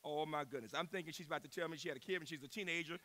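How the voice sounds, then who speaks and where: A man in his sixties, a university president, giving an inspirational keynote speech and telling stories with emphasis, moving from loud bursts to hushed tones. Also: on the high side, very fast. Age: 60s.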